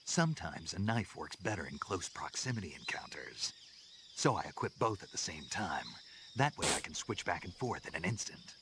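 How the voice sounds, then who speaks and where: A terse gravelly game soldier, deep voice, swinging intonation. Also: male voice, very animated, normal speed, noisy background. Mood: matter-of-fact. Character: gruff veteran male soldier spy. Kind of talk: game voice acting. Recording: game audio under loud ambience.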